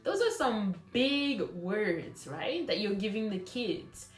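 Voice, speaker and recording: A woman's voice: medium pitch, very animated, takes it slowly, faint music behind. Woman teacher trainer in a roomy lecture. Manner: explanatory, thinks aloud with fillers and restarts. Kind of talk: recorded lecture on lesson scripts.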